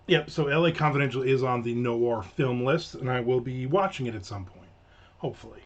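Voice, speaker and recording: A man's voice: mid-range voice, fairly quick. A man from the United States chatting casually on a livestream, rambling and joking as he reads viewer comments, trailing off and restarting often. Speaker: livestream host. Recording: slightly dull lo-fi home mic.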